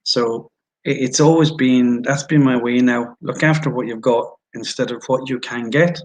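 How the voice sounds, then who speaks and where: A man's voice: medium pitch, fairly even intonation, moderate pace, rough recording. A Scottish man, a guest on an interview show, candidly telling personal stories in a frank, self-deprecating way. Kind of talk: candid storytelling in conversation.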